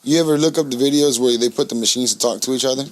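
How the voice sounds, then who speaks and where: A man's voice: mid-range voice, racing. A man co-hosting a casual comedy podcast who riffs and mimics phone voices. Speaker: podcast co-host.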